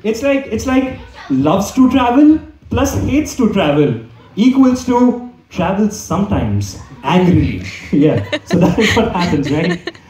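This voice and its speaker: A high-voiced man works through a stand-up set, his pitch leaping up and down as he rambles and restarts. He sounds a bit far from the mic in an echoey room, with audience laughter behind him. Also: big pitch swings, measured pace, a little mellow. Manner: rambling, lots of fillers and restarts. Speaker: stand-up comedian. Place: comedy club stage with audience.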